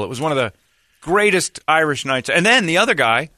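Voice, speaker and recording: A man telling a comic story from his past in a lively, animated way, putting on voices for the people in it. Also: mid-range voice, a little fast, no room sound, clean studio sound.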